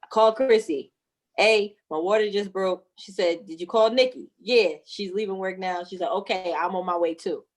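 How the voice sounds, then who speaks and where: A woman in her thirties tells her birth story in a medium-pitched voice at a moderate pace. She's lively, laughing and cussing throughout, and acts out every voice in the story as she quotes people.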